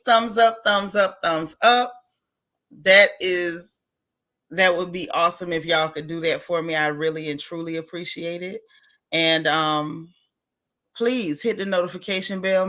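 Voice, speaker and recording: A woman hosting a casual livestream, greeting viewers one by one in relaxed, slangy chat. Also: lowish voice. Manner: warm, chatty, Southern American slang, greets viewers one by one. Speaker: livestream host.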